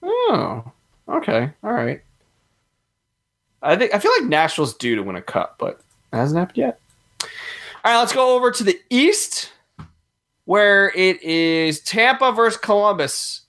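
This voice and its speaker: Young man, casual sports chat, bright tense voice, pitch swings a lot, laughs often. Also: unhurried, long pauses. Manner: animated, laughing often, thinking aloud. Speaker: podcast co-host.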